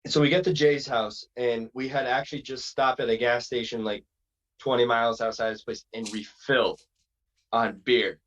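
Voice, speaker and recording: A man's voice: mid-range voice, fairly even intonation, normal speed, fairly bright tone, highs cut off. A man from Massachusetts, a wrestler, telling a long road-trip story in a rambling, casual way. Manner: rambling, acts out quotes in other voices. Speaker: wrestler guest.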